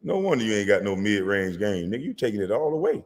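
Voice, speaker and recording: A man delivering a profane, mocking comedic rant as a vlogger, sometimes breaking into shouts. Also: fairly low pitch, very animated, fast, long reverb tail. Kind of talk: comedic rant reacting to sports media.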